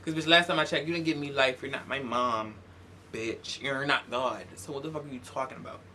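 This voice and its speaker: A young man telling a story in a casual vlog, animated, profane and sassy. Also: medium pitch, fairly quick, a little hiss or hum. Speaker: YouTuber.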